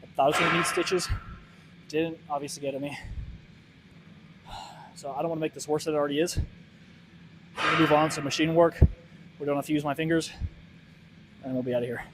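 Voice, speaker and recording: A man out of breath in a gym, talking casually to a nearby camera between his weightlifting sets in a halting, breathy way. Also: fairly high pitch, fairly even intonation, noisy background. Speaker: weightlifter vlogging his workout. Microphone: camera set up nearby in the gym.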